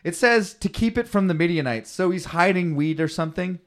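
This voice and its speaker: A man's voice: high-pitched, brisk. Man reading scripture aloud, then riffing. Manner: reads verses aloud in a raised voice, then riffs loosely. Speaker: podcast co-host reading scripture. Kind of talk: casual comedic chat.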